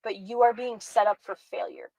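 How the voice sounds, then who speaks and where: A woman's voice: mid-range voice, fairly even intonation, normal speed, vocal fry, a little mellow, no room sound, low-quality recording. A woman hosting a commentary show, reacting with sarcastic, exasperated rants. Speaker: commentary host.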